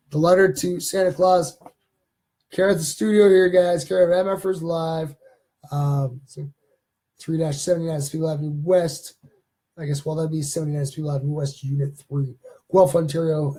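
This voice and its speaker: Husky, mellow-voiced man hosting a live stream. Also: a little high. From Canada. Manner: rambling, chatty, reads live comments aloud. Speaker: host of a live stream show. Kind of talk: casual live-stream chat. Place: home studio.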